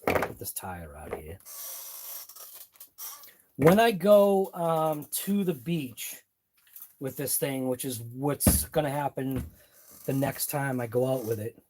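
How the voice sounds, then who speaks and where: A man's voice: mid-range voice, animated, slow pace, pauses often, a little mellow, a little hiss or hum. A man hosting a live RC car workshop stream, thinking aloud as he wrenches in his garage. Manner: muttering thoughts aloud as he works. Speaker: RC hobby channel host.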